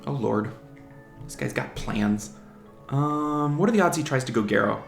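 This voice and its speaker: A man's voice: mid-range voice, expressive, moderate pace, creaky. A man giving casual commentary on his own online game match, chatting strategy aloud and teasing the opposing monsters. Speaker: gaming channel host. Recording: roomy home recording with faint music.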